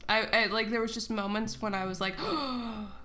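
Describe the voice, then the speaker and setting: A woman's voice: medium pitch, flat delivery, a little fast, pushed and bright. A young woman co-hosting a let's play, chatting casually and rambling with lots of giggles, with game music behind her. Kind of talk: casual gaming chat.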